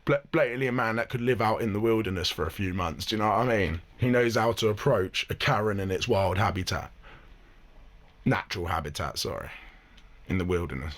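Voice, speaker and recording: A man's voice: lowish voice, brisk, a bit bright. A man hosting a reaction video, talking casually and wryly, with the odd swear word. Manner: chatty, wry, swears casually. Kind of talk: casual commentary.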